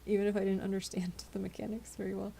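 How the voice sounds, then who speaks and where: Tired, giggly woman with a gravelly voice. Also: mid-range voice, mellow, slight background noise. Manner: chatty, giggly, stumbling over words. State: tired, yawning. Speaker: streamer. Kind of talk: casual live-stream chat with viewers.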